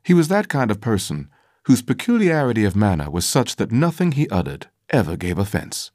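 A male audiobook narrator reads a first-person text in a measured, formal way. His low, darkish voice has a sing-song quality, with intonation shifting a lot between phrases. The recording is dry and close, without room echo.

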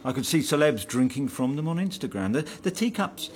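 A man's voice: mid-range voice, very animated, a little fast, close to an everyday voice. A man playing a jealous ex-husband who talks persistently and wheedles his former wife. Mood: pleading. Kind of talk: film drama dialogue.

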